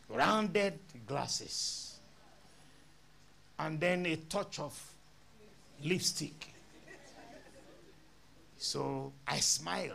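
A male pastor preaches slowly, his voice gravelly and bright, with pitch that swings widely as he acts out a remembered conversation. Faint noise sits under the recording. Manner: animated storyteller acting out dialogue, laughing. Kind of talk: sermon storytelling.

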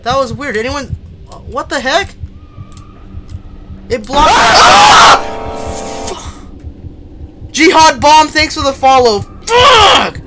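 A man's voice: extremely high pitch, measured pace, pauses often, over music. A young man live-streaming a horror game, swearing, yelping in fright and chatting to his viewers. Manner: jumpy, swears and yelps in fright, then chats to viewers.

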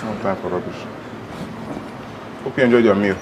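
A man's voice: lowish voice, moderate pace, noisy background. A man with a Nigerian accent playing a brash waiter in a comedy skit, making threats and slipping into pidgin.

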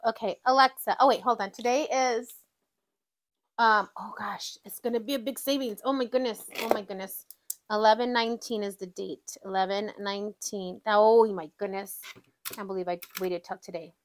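Excitable woman counting cash, slightly high. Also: slight background noise. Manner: excitable, exclaims often, says "y'all". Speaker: budgeting vlogger. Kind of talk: casual chat while counting cash.

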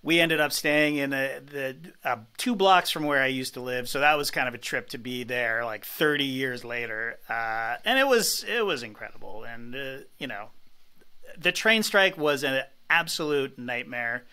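A man's voice: mid-range voice, lively intonation, bright, forceful tone, clean tone. A middle-aged man in casual podcast chat, agreeable and chatty. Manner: agreeable, chatty, quick back-channel replies. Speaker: podcast co-host or guest.

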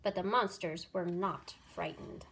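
A woman reading a children's picture book aloud, with an expressive sing-song delivery. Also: on the low side, unhurried, creaky, a little hiss or hum. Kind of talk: storybook read-aloud.

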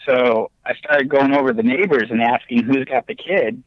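Excitable guy recounting a haunting on a podcast, dull lo-fi sound, bone-dry. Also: moderate pace, dry recording. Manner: animated, excitable storytelling with big pitch jumps. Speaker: podcast guest. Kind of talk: casual storytelling on a podcast. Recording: dull, lo-fi remote audio.

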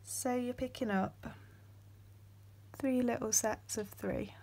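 A young woman, hosting a step-by-step beading tutorial in a soft voice that often drops to a whisper, with frequent ums. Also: on the high side, fairly even intonation, slow.

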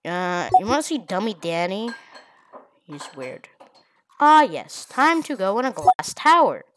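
A woman's voice: medium pitch, big pitch swings, measured pace, heavy background noise. A woman giving silly, giggly gameplay commentary as host of her gaming channel. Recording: loud game music behind.

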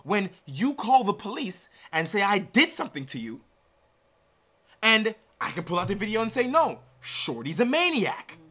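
A man hosts a reaction video with lively, joking commentary. He swears freely, and his voice is bright and high for a man. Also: moderate pace. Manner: animated, profane, joking.

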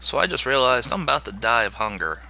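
Man, gaming commentary, chatty, jokey, very bright sharp voice, medium pitch. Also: very animated, fast, creaky, slight background noise. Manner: chatty, talks to in-game monsters, jokey. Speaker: gamer. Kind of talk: video game commentary.

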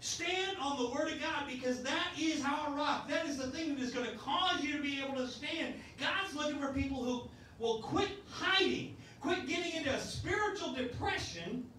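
A man's voice: very high voice, moderate pace, bright, forceful tone, slight background noise. A man in his sixties preaching a sermon as pastor, in a folksy style with many restarts. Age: 60s. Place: church sanctuary. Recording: echoey church sound from a distance.

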